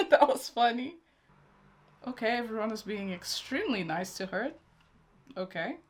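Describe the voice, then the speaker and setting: A young woman with a slightly high voice talks through a teen drama episode for her viewers. She reacts emotionally and speaks straight at the screen in a loose, casual way. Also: expressive, measured pace. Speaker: reaction video host.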